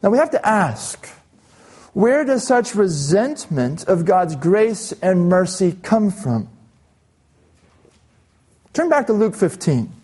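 High-voiced man preaching a sermon. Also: big pitch swings, takes it slowly, long pauses, a little mellow, husky. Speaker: pastor. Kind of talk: expository sermon reading scripture aloud.

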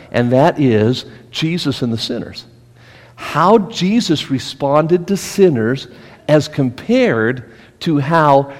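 A middle-aged man teaching a Bible study as pastor, animated and asking his listeners questions. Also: mid-range voice, big-room sound. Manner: animated, asks the group questions, acts out scolding voices.

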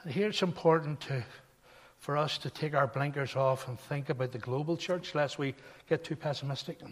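A man's voice: fairly high pitch, moderate pace. An older man preaching a sermon, telling stories in a conversational way and building to emphatic points. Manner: conversational storytelling, then rising to emphatic. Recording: long hall reverb.

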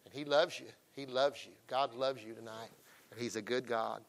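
A middle-aged man preaching a folksy revival sermon, emphatic and swinging between loud calls and hushed asides. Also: mid-range voice, fairly even intonation, normal speed, creaky.

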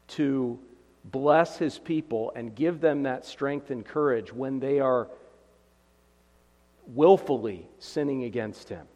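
An earnest man preaching through a passage verse by verse, pressing his points with emphasis. His voice sits at an ordinary middle pitch. A long reverb trails behind him, as if he were speaking in a large sanctuary. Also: a little mellow. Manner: earnest, emphatic, reads scripture aloud with rising intensity. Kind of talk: expository sermon.

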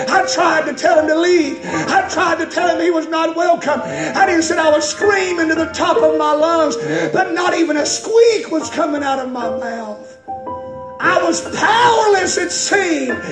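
A man preaching a sermon in a church, impassioned and building to shouts. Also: extremely high pitch. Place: church sanctuary. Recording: echoey church with loud music.

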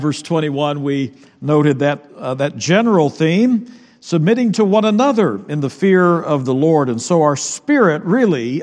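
A man pastor preaching a sermon to his congregation, talking in a relaxed, conversational way with fillers and repeated words. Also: a little high. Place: church sanctuary. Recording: long church reverb.

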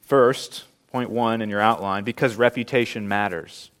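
A man preaching a sermon as pastor, earnest and emphatic, slowing down to stress key words. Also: on the low side, fairly even intonation, fairly bright tone, clear, resonant tone.

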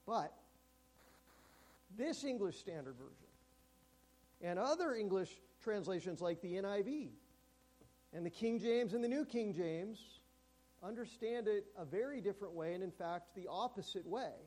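A man with a notably high voice delivers a sermon in a church. He is emphatic and often slows down and drops to a near hush to stress key words. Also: expressive. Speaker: pastor.

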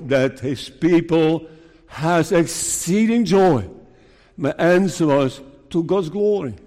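A man preaching an earnest sermon as minister, with slow deliberate delivery and emphatic rises. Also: a little high, darkish tone, long reverb tail.

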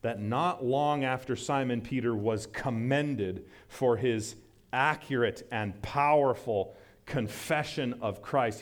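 A man preaching a sermon as pastor, earnest, with his voice climbing for emphasis. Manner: earnest, rises in pitch for emphasis and acted quotes.

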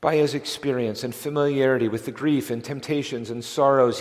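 A man preaching a sermon in an earnest, emphatic voice, stumbling over words as he builds to a climax. His voice has a middle pitch and rings out with the long reverb of a large church hall. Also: steady tone, a little fast, hardly any pauses, a little mellow. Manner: earnest, emphatic, with repeated restarts and rising intensity.

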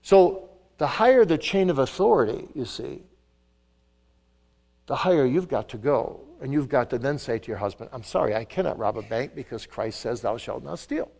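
An older man preaching a sermon in a church, pressing some words hard and dropping others to a hush. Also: medium pitch, lively intonation, moderate pace, gravelly. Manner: emphatic, swings between loud stresses and soft asides. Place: church sanctuary.

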